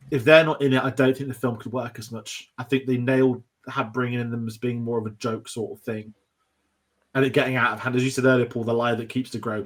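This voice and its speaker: A man co-hosting a film podcast, chatting enthusiastically and rambling with restarts. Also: mid-range voice. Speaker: podcast co-host. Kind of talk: casual film discussion.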